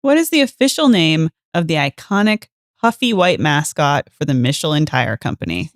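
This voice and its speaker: A podcast quiz host reads out questions and teases the panel. The pitch swings widely and stays full of life. The sound is dry and close to the mic. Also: moderate pace, no room sound. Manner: lively, teasing, asks questions. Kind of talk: casual comedic quiz banter.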